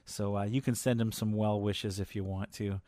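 Man, 40s, low-pitched, rambling chatty podcast host, dry close sound. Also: flat delivery, normal speed, mellow, no echo. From US Pacific Northwest. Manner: rambling, chatty storytelling with many fillers. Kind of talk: casual personal chat.

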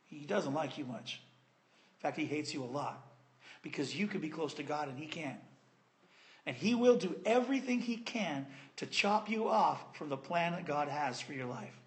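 High-voiced, animated male preacher. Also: normal speed. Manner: animated, conversational, playful. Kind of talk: sermon.

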